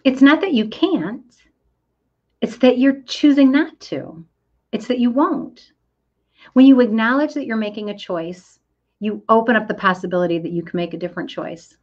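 A woman's voice: a little high, animated, normal speed. A middle-aged woman coaching listeners in a motivational talk, earnest and emphatic, speaking to them directly. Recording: dull lo-fi audio.

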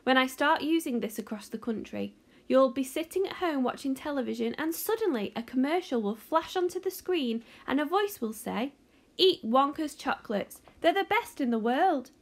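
A woman voicing an excitable, eccentric male chocolate maker in a storybook read-aloud, with a commanding, exclamatory way of talking. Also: high-pitched, normal speed, voice pushed up. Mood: boastful.

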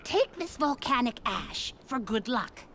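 A man voicing a gentle woman in a game, in a soft, airy falsetto with a quick, mock-solemn delivery. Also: sing-song, slight background noise, heavily acted.

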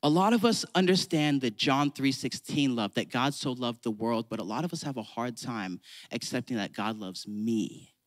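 A man's voice: medium pitch, normal speed. A man preaching a sermon to a church congregation, conversational and playful, acting out mock prayers. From California. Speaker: pastor.

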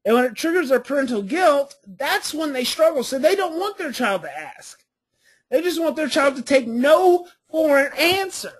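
A woman's voice: sits high, very animated, moderate pace. A woman giving a parenting coaching class, telling family stories and hammering points home by repeating them. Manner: storytelling with family anecdotes, emphatic repetition.

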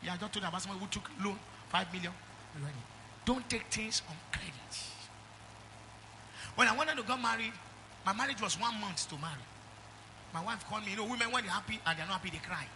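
Background noise is slight here as a middle-aged Nigerian-accented pastor preaches fast in a high, pushed, bright voice, leaving long pauses. His sermon is emphatic, built on call-and-response and requests for amens.

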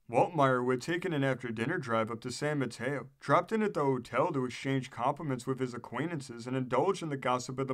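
A man narrating an old newspaper article in a steady, measured reading voice. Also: mid-range voice. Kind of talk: read-aloud narration.

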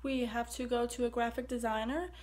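A woman's voice: fairly high pitch, level tone, fairly quick, a little mellow. Chatty upbeat woman vlogger. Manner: upbeat, chatty, addresses viewers as "you guys". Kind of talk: casual vlog chat.

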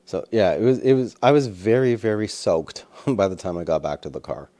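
A man's voice: lowish voice, normal speed, warm tone. A man, a wildlife photographer, casually talking through his photos and camera settings in a rambling, easygoing way with plenty of fillers. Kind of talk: casual commentary over photos.

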